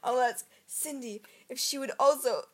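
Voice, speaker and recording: A young woman making her pitch in a party card game, teasing and laughing as she goes. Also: normal speed, slightly rough. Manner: playful, teasing, bursts of laughter. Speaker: game player. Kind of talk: casual chat, playing a card game.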